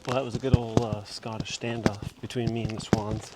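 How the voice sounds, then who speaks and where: A man chatting casually while out on a long-distance hike. He rambles in a relaxed way with plenty of fillers, talking into a small body-worn mic. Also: lowish voice, fairly quick. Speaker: long-distance hiker vlogging his walk. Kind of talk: casual walking vlog. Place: outdoors on a lochside walking trail. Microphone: small body-worn mic with gear knocking on it. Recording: loud outdoor noise with thumping on the mic.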